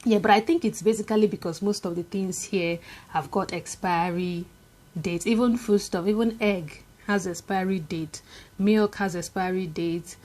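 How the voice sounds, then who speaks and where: A woman's voice: mid-range voice, fairly even intonation, normal speed, darkish tone, a little hiss or hum. A young woman with a Nigerian accent, chatting casually to camera in a vlog, with many fillers and repetitions. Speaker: vlogger.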